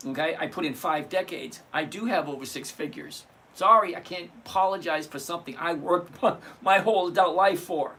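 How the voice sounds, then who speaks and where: A man in his sixties hosts a live trading stream, casually teaching as he reads out numbers step by step, joking and swearing along the way. His voice is a little high and sharp in tone. He keeps a moderate pace with hardly any pauses.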